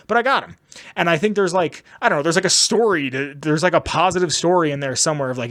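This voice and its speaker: A young man hosting a podcast, telling a long story in a rambling, casual way and acting out the people he quotes. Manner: rambling, acts out quotes in lowered voices. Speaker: podcast host.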